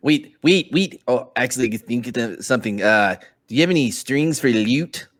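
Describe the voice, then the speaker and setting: A man joins a comedy tabletop game as a player, cracking jokes and playing up a put-on accent for his character. His pitch swings widely as he talks. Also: moderate pace. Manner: jokey, animated, attempts a put-on accent. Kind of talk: casual tabletop game play.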